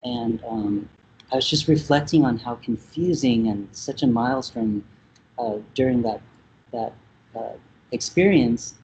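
A man's voice: medium pitch, unhurried, darkish tone, slight background noise, rough recording. A man from Vietnam, interviewed as a musician, talking in a thoughtful, hesitant way with many fillers. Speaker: musician guest. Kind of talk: casual interview talk.

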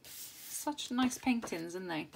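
A woman's voice: mid-range voice, lively intonation, slow pace, creaky. A woman in her thirties chatting casually and enthusiastically through a craft haul, rambling with plenty of fillers. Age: 30s. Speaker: crafting channel host. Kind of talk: casual haul video chat. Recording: noisy home recording.

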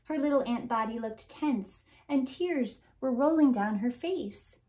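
A woman, a children's author and librarian, reading a storybook aloud in a warm, expressive storytelling voice. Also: sits high, measured pace, hardly any pauses.

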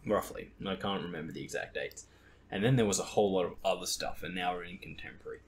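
A man's voice: low voice, fast, slight background noise. A young man hosting a podcast in casual chat, rambling and laughing at his own stories. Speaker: podcast host.

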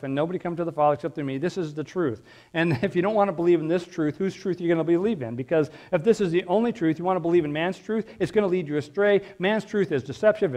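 A man's voice: high voice, darkish tone. A male pastor preaching a sermon in a conversational, emphatic way, throwing out rhetorical questions.

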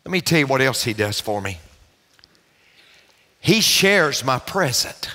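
A man preaching a sermon as pastor, with emphatic repetition and shouted peaks. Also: mid-range voice, big pitch swings, unhurried, pauses often. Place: large church sanctuary. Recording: long church reverb.

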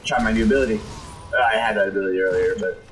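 A young man giving jokey, excitable let's play commentary, reacting to the game and putting on silly voices for the enemies. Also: on the low side, racing, soft background music. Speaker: gameplay commentator.

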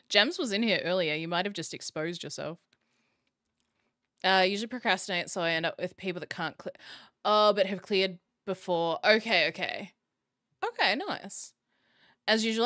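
A woman's voice: medium pitch, lively intonation, moderate pace, long pauses, a bit bright, no room sound, studio quality. A woman streamer hosting her live stream in casual chat, talking straight to her viewers and laughing often. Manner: giggly, chatty, addresses chat directly. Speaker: streamer host.

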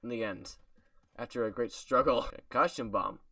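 A man's voice: medium pitch, normal speed, pushed and bright, no room sound, distant mic. A man casually commentating his gameplay, joking with viewers in a made-up accent he puts on. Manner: playful, joking, talks to viewers. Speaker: gaming video creator. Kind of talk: casual let's-play commentary. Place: home room.

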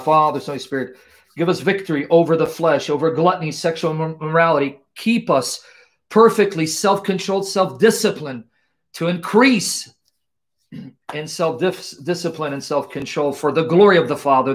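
A man with a fairly high voice prays aloud with fervent, repetitive invocations. He speaks into a computer mic on an online stream. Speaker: Christian apologist host. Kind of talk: spoken prayer.

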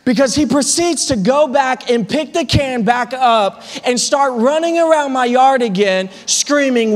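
In a storytelling sermon, a high-voiced male pastor animatedly recounts a funny story, tripping over repeated words at a measured pace with hardly any pauses. Long reverb fills the church sanctuary around him.

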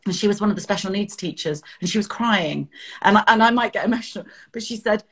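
A middle-aged English woman, a children's author, chatting as an interview guest and telling stories with animated energy and frequent laughter. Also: medium pitch, fast talker, breathy edge. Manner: animated storytelling, laughs often. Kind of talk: casual interview chat.

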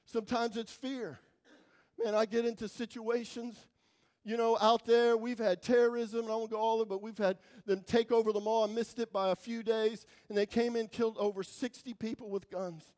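Guy with a really high voice preaching in church, dramatic, gets loud then goes real quiet. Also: fairly even intonation, moderate pace. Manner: dramatic, swinging from loud to hushed. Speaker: guest preacher. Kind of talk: sermon storytelling.

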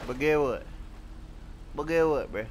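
A young man giving playful, excitable gameplay commentary, trash-talking and swinging from sudden shouts to low mutters. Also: a little slow. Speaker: gaming YouTuber. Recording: loud game sounds behind the voice. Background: video game noise and vehicle sounds.

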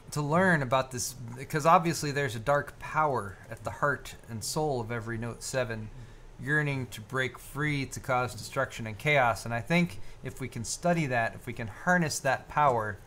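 A man's voice: medium pitch, a bit bright, slight background noise. A man co-hosting a live tech stream, chatting casually and rambling, with lots of fillers and restarts. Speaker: co-host of a live tech show.

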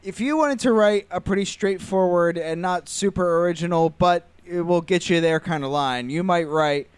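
Brief: man, high smooth voice, dry close sound, sarcastic podcast co-host. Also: moderate pace, hardly any pauses, no room sound. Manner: sarcastic, acts out lines in mocking voices. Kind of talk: casual movie review chat.

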